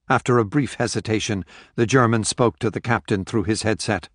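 A man narrating a thriller audiobook in a steady, measured storytelling voice. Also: fairly low pitch, no room sound, clean studio sound.

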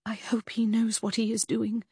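A woman voicing an anxious, fretful young woman in an audiobook, speaking in a nervous, hurried way. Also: on the high side, little pitch movement, warm tone, slightly rough, no echo, studio quality, voice pushed up. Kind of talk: audiobook character reading.

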